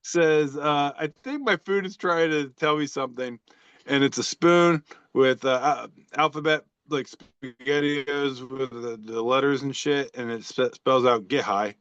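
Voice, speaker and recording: A man's voice: medium pitch, a little slow, fairly bright tone, clean tone, dry recording, lo-fi sound. A man co-hosting a casual podcast, reading out social media posts with a joking, rambling delivery and lots of fillers. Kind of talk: casual chat.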